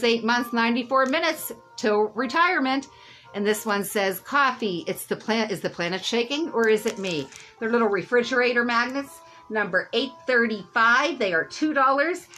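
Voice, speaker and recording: A woman's voice: on the high side, sharp tone, low-quality recording. A middle-aged woman hosting a live sale stream, chatty and rambling, laughing at her own jokes.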